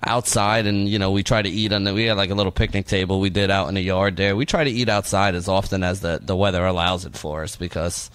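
A man's voice: sits low, steady tone, fast talker, few pauses, fairly bright tone, clean tone, no room sound. A man from the northeastern United States co-hosting a sports radio show, chatting loosely and filling his talk with "you know" and "like". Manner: rambling, lots of "you know" and "like". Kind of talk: casual radio banter.

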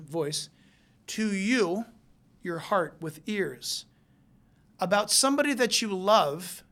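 A preacher delivering a sermon, moving between hushed, intense stretches and loud, emphatic ones. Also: mid-range voice.

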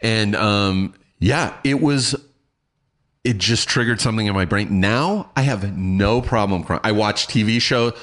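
Low-voiced man telling a lively story. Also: unhurried. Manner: animated, swearing, acting out quotes. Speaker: guest. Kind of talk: casual storytelling.

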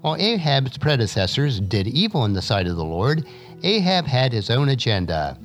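A man's voice: normal speed, soft background music. A man reading a Bible passage aloud in a lesson, raising his voice for the quoted speakers, then moving on to an essay. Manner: expressive reading, lifting pitch for quoted speakers. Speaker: scripture reader and teacher.

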